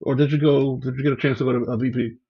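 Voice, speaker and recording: A man's voice: medium pitch, steady tone, rapid-fire, highs cut off, a little hiss or hum. A man hosting a casual livestream, chatting and greeting viewers by name. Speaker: livestream host.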